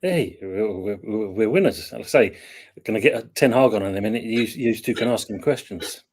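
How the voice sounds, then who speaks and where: A man's voice: fairly low pitch, animated, normal speed, a little mellow. Easygoing Englishman hosting a chat. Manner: easygoing, joking host. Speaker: podcast host. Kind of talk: casual chat.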